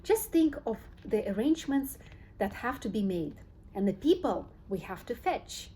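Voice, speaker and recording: A woman's voice: fairly high pitch, very animated, moderate pace, warm tone, a little hiss or hum. A woman voicing an eccentric, cheerful male chocolate-maker, gushing and theatrical, in an audiobook reading. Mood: delighted, bustling.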